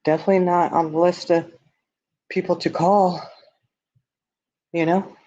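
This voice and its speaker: A fairly high-voiced man with a drawl, chatting on a casual livestream. He reads viewer comments aloud and answers with blunt candor, laughing at his own lines. The audio is dull and lo-fi. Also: level tone, measured pace, pauses often, mellow.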